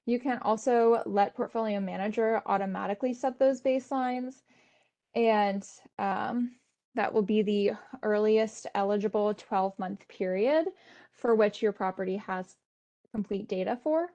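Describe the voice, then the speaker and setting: Woman presenting a software walkthrough. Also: medium pitch, a little slow, muffled recording. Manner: steady explanatory tone with frequent fillers. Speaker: webinar presenter. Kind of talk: instructional webinar walkthrough.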